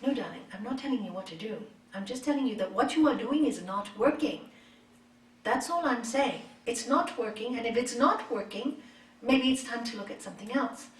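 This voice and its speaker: A middle-aged woman yoga teacher giving a spiritual talk, telling personal stories in an expressive, conversational way. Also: a little high, normal speed. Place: retreat meeting hall. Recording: echoey room, mic far off.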